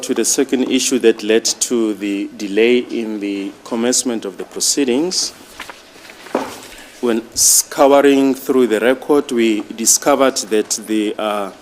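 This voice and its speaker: A male prosecutor addresses the bench in slow, measured formal speech, listing exhibits one by one. His voice sits at an ordinary middle pitch. A faint hiss runs under the courtroom feed. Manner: slow, deliberate, reads exhibit lists.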